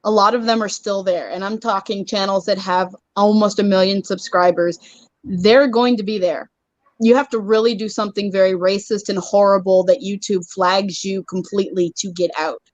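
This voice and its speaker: A woman's voice: medium pitch, steady tone, normal speed, no room sound, dull audio. A woman guest in a casual talk among writers, speaking frankly and emphatically with some ums. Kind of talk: casual chat.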